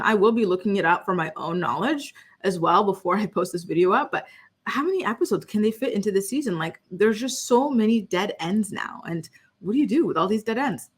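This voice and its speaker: A woman's voice: mid-range voice, husky. A woman talking casually and with strong opinions as she recaps a reality show for her channel, dropping plenty of "like" and "you know.". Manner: chatty, opinionated, heavy use of "like".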